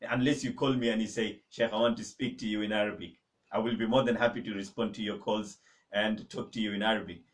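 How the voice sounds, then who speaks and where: A male teacher leading an online Arabic lesson at a measured, drilling pace. He repeats each word and has the students echo it, then urges them firmly to keep practising. His voice sounds a little distant from the microphone. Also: on the low side, steady tone. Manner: drills words slowly, makes students repeat; emphatic, exhorting. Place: mosque teaching room. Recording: voice a little far from the mic.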